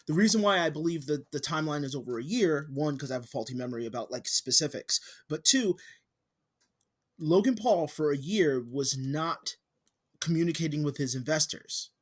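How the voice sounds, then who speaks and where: A podcast co-host with a fairly high voice and lively intonation chats casually at a normal speed, slipping into a rant that turns heated and profane.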